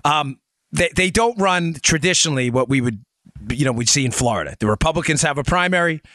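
A man's voice: on the high side, lively intonation, a little fast, pushed and bright, no room sound. A man hosting a political talk show, explaining points in an emphatic, digressive way and speaking straight to his listeners. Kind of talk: conversational political monologue.

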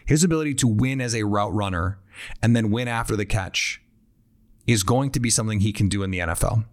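A man's voice: lowish voice, fairly quick. A man hosting a sports podcast, talking through draft trade ideas in a loose, conversational way with frequent restarts. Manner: conversational, frequent restarts, quotes imagined team thinking. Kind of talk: casual analysis monologue.

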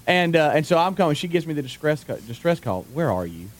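A man co-hosting a radio talk show, telling a relaxed anecdote in casual chat. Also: a little high, fast talker.

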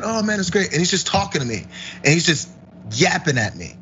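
A man's voice: high voice, a little fast, muffled recording, slight background noise. A man co-hosting a podcast, telling a story in casual chat and acting out the lines of the people in it. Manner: animated, acts out dialogue, laughs while telling stories. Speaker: podcast co-host.

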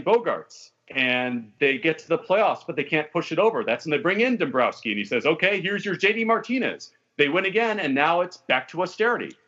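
A male podcast host with a medium-pitched, fairly bright voice chats casually about sports, wry and talkative, tossing in joking asides. The recording is dull and lo-fi.

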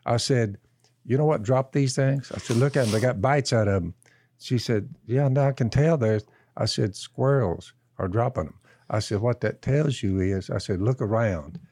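Man, folksy storyteller, mid pitch, dry close sound. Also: dark tone, no room sound. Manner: slow, drawn-out storyteller who keeps repeating "I said". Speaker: podcast co-host. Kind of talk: folksy storytelling and Bible teaching.

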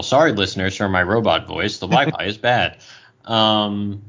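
A man co-hosting a casual sports podcast, opinionated and animated, often restarting his sentences. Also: on the low side, normal speed. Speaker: podcast co-host. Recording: dull lo-fi audio over bad Wi-Fi.

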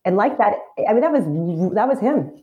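A woman who acts, talking as a guest in a casual chat, chatty and quick to laugh. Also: a little high, lively intonation, narrow, tinny audio. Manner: chatty and laughing, rambling with restarts. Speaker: guest actor.

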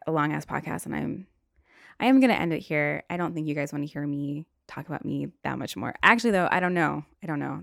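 A young woman hosting a casual solo podcast, blunt and profane, now and then flaring into shouty rants. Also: low-pitched, gravelly, no echo, studio quality. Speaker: podcast host. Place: bedroom.

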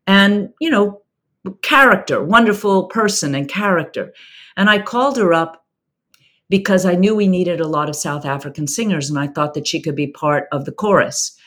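A woman's voice: lowish voice, moderate pace, fairly bright tone. A woman theater director recounting stories in an interview, reflective and anecdotal with frequent restarts. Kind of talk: interview storytelling.

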